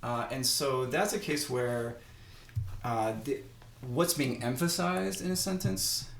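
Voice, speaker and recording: A man's voice: mid-range voice, takes it slowly, gravelly, echoey room. A man teaching ancient Greek on a podcast, explaining patiently with frequent hesitations and restarts. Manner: thoughtful, hesitant, restarts mid-sentence.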